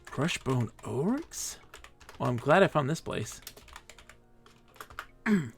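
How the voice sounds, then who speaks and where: Playful streamer reading game dialogue aloud. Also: male voice, medium pitch, big pitch swings, slow, vocal fry, faint music behind. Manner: playful, reads NPC dialogue aloud in put-on voices. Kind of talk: live game commentary.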